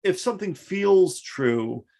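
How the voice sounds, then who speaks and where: A man's voice: high voice, animated, vocal fry, dark tone. A man co-hosting a casual podcast, chatting about the news with frequent restarts. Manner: conversational, halting restarts. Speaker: podcast co-host. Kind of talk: casual political chat.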